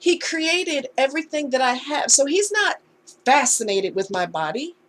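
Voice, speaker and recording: A woman's voice: sits high, lively intonation, normal speed, fairly bright tone. A woman talking candidly in a casual storytime vlog, conversational and heartfelt. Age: adult. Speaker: vlogger.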